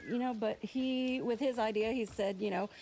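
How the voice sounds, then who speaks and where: A woman in her late thirties recounts what happened in an even, measured voice. She fills her pauses with small fillers, and a faint background hiss runs underneath. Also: a little high. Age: 30s. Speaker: guest on a couples show. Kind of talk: unscripted on-camera conversation.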